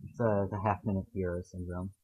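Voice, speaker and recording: Deep, warm and husky, this man's voice stays level while he talks fairly quickly. He's a podcast host in a relaxed chat about video games, thoughtful and hedging, sometimes reading quotes out loud. The audio is poor quality.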